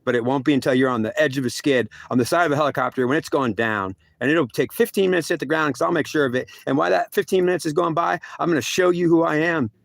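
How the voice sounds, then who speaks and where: A man's voice: a little high, creaky, no room sound. A man voicing a stern, lecturing God. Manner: repetitive, lecturing, stumbling restarts. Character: stern, scolding male God speaking to a soldier.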